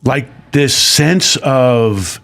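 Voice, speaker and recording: A middle-aged man, a guest, telling a personal story in casual chat, emotional and animated. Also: medium pitch, very slow, vocal fry.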